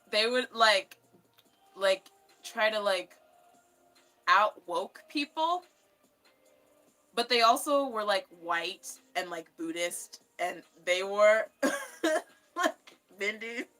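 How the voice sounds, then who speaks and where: A woman's voice: medium pitch, bright, forceful tone. A young woman vlogging casually between book readings, rambling with lots of fillers and frequent laughter. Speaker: YouTuber reading a book aloud. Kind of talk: casual vlog chat.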